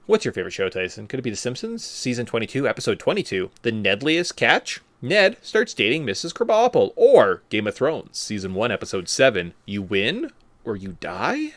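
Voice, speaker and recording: A man hosting a podcast in casual chat, animated and joking. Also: medium pitch, fairly quick, no room sound. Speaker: podcast host.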